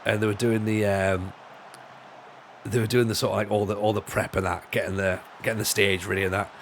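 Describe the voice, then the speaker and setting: A man's voice: fairly low pitch, level tone, fairly quick, a little hiss or hum. A man chatting casually on a live stream while gaming, rambling and joking with lots of restarts. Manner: rambling, jokey, full of restarts and laughs. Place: home room.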